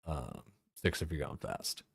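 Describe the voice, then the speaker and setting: A low-pitched young man chats loosely over his gameplay, rambling and swearing freely with constant filler words. His voice sits deep and close, recorded dry with no room sound around it. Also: expressive, measured pace, creaky, breathy edge, no echo. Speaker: streamer. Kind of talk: casual chat while gaming.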